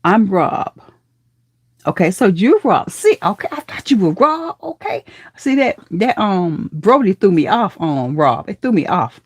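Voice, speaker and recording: A woman hosting a casual live-stream chat, affectionate and lively, calling her viewers honey, baby and girl as her voice jumps up in excited greetings. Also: medium pitch, a little slow, slightly rough, no echo.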